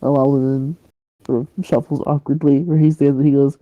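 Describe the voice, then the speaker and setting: A woman's voice: a bass voice, flat delivery, moderate pace, mellow, dry recording, lo-fi sound. A woman narrating a tabletop game as game master, casual and rambling. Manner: casual, rambling, with fillers and laughs.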